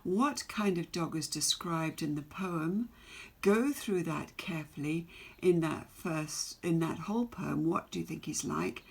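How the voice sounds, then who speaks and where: A woman teacher giving a recorded poetry lesson, asking her students question after question in a measured way. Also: on the low side, gravelly, breathy edge. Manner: slow, questioning, reads poem aloud with emphasis.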